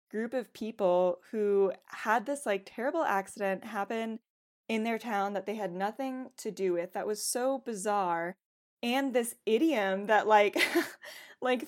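A woman's voice: mid-range voice, a little mellow. Chatty woman storyteller, lots of "like". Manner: chatty, filler-heavy with frequent "like". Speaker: podcast co-host presenting research. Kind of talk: casual chat.

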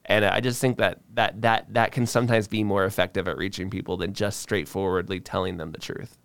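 A man's voice: low-pitched, fairly even intonation, a little fast, gravelly, clear, resonant tone, no echo. A man co-hosting a podcast, explaining his views at length in casual discussion, with frequent restarts. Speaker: podcast co-host.

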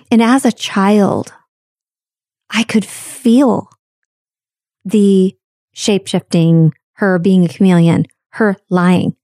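A woman hosting a show speaks in a medium-pitched, dark-toned voice, recorded dry with clean studio sound. Her reflective personal monologue is candid and full of childhood stories, told with drawn-out emphasis.

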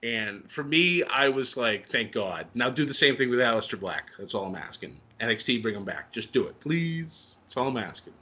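A man chatting casually and excitedly as he recaps a wrestling show, with lots of fillers and laughter. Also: medium pitch, moderate pace, hardly any pauses. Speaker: wrestling podcast co-host.

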